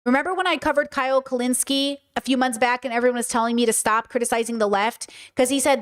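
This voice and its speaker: Passionate high-voiced woman streamer. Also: fast talker, hardly any pauses, smooth. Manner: passionate, direct, animated argument; reads out chat messages and answers them. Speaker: streamer and commentator. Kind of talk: livestream commentary.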